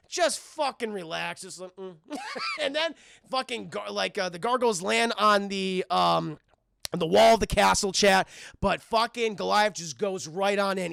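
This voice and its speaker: A young man streaming a casual, profane cartoon recap to his live chat, rambling and slipping into quick voices for the characters. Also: high-pitched, vocal fry, a bit bright, no echo, clean studio sound.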